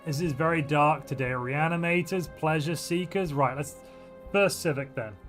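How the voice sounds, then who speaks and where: A male streamer talks through his game choices in a loose, playful way, musing aloud and answering his chat. His voice sits a little higher than most men's. Soft background music plays under him. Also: moderate pace. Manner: chatty, reads viewer chat aloud and reacts; playful, muses aloud while weighing options. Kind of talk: casual livestream gameplay commentary. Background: faint background music.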